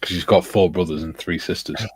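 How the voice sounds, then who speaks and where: A man's voice: low voice, fairly even intonation, fairly quick, a little mellow, slight background noise. A man chatting easygoingly and reading out viewer comments on a modelling livestream. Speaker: co-host of a scale-modelling livestream.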